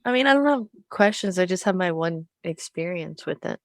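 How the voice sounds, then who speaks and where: A young adult woman with a fairly low voice tells a personal story candidly and chattily. Her delivery is lively and expressive. The sound is close and dry. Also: brisk, no room sound. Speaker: podcast co-host. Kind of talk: casual chat, personal story.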